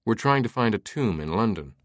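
A man doing an earnest polite scholar guy, low voice, dry sound. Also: animated, a little fast, dry recording, lightly acted. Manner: courteous, earnest. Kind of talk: audiobook character voice.

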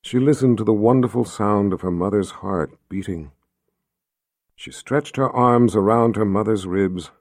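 A man narrating an audiobook in a calm, expressive storytelling manner. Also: fairly low pitch, husky, no echo, clean studio sound.

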